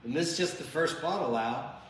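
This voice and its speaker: A man's voice: on the high side, brisk. A man in casual chat over drinks, teasing his companion and laughing often. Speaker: co-host. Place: home bar. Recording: echoey room with long reverb, faint hiss.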